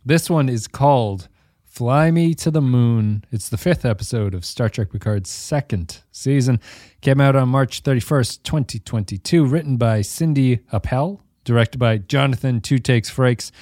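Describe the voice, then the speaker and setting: Male podcast host, casual and jokey, mid-pitched voice, dry close mic. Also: measured pace, a little mellow, dry recording. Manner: joking, laughs often, acts out quotes.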